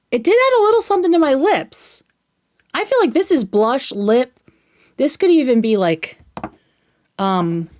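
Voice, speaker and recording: A young woman hosting a livestream, chatting casually and excitedly while reviewing makeup, swearing now and then. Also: high-pitched, dry recording. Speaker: livestream host.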